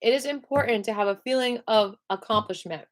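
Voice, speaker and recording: A woman teaching a live-streamed qigong class, upbeat and playful, who slows into soft guided cues for breathing. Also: fairly high pitch. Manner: upbeat and playful, breaks into squeals of excitement.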